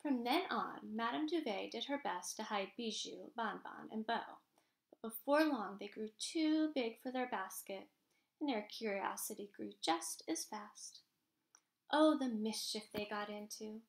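A woman reading a children's picture book aloud, in a gentle, expressive storytelling manner. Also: a little high, unhurried, gravelly. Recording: roomy echo.

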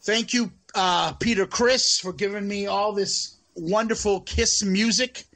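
A man's voice: sits high, fairly even intonation, unhurried, a bit bright. A man co-hosting a casual podcast chat, swearing freely and laughing often. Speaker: podcast co-host.

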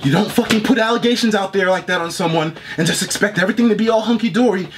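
A man's voice: high voice, quick pace. A man giving a heated, profane reaction rant, reading messages aloud and snapping back at them. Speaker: online streamer.

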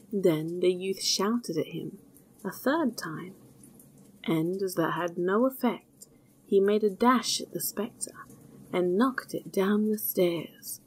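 A woman calmly narrating a folk tale in a measured storytelling voice. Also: mid-range voice, slightly rough.

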